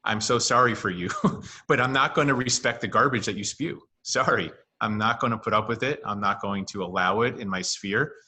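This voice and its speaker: A man's voice: fairly low pitch, moderate pace, bright, forceful tone. A man on a video call chat, speaking in a firm, matter-of-fact way. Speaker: podcast co-host. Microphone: video call mic.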